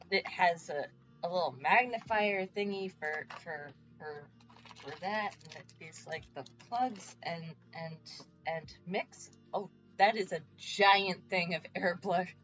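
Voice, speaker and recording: A woman streamer chatting live with viewers, excited, stammering and repeating exclamations. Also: lowish voice, slow, muffled recording, faint music behind.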